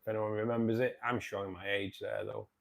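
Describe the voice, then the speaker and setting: Running a casual livestream, a man in his forties from the outskirts of Manchester, England, chats in a matey way, reading and responding to viewers' comments in his Manchester accent. He talks fast, with a flat delivery and a fairly low, gravelly voice.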